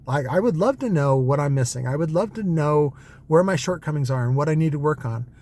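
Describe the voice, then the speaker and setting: A man's voice: a little high, lively intonation, fairly quick, a little mellow. Rambling man talking in a car. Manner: rambling, hesitant, many fillers and restarts. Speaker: vlogger. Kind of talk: casual rambling monologue. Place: in a car on a night drive.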